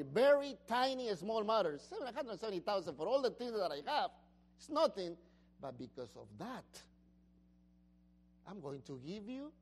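A woman pastor preaching a sermon, questioning the congregation and shouting out the master's praise. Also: mid-range voice.

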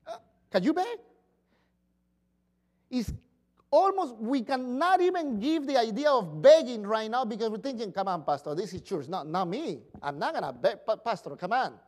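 Animated male pastor preaching. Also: high voice, normal speed. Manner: animated, acts out quoted pleas in voices. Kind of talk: sermon.

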